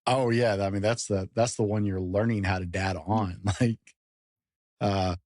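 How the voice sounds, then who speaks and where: Low-voiced podcast host, dry mic. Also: male voice, fairly even intonation, unhurried, darkish tone, no room sound. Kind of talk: casual interview.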